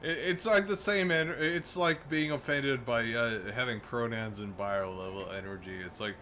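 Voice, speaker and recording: A male streamer in a heated, profane rant, tripping over his words and breaking into laughs. His voice sits at an ordinary pitch. A faint hiss runs underneath. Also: normal speed, hardly any pauses. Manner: animated, swears often, laughs mid-sentence; restarts and repeats words as he rants. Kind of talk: profane ranting commentary.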